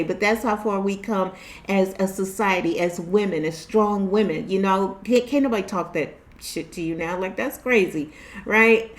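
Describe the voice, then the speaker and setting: A middle-aged woman hosting her own channel as a tarot reader, talking casually and candidly to her viewers, with lots of swearing, laughter and lively storytelling. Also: medium pitch. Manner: candid and profane, with animated storytelling and frequent laughs. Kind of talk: casual talk to camera.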